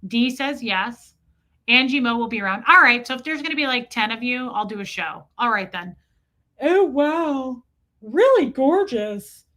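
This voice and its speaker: A woman's voice: on the high side, brisk, sharp tone. A woman hosting a casual livestream, chatting loosely and reading out viewers' names and comments. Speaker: livestream host. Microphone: streaming setup mic.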